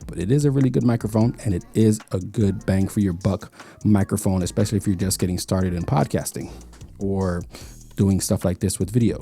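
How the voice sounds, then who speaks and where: A man's voice: low voice, creaky, warm tone, breathy edge. A man giving a casual, explanatory tech review in a home studio, sometimes repeating words as he thinks. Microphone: studio microphones being compared.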